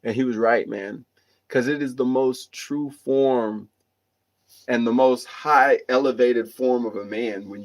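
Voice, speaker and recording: A man hosting a livestream, reading viewer comments and giving earnest, rambling motivational talk with restarts and repeated phrases. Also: medium pitch.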